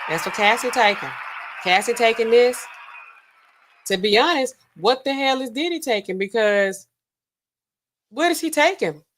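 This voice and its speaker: The pharmacist host talks at a measured pace with frequent pauses, her voice on the high side, expressive and fairly bright. She reads drug documents aloud while skimming, checking in with "okay?" all the time.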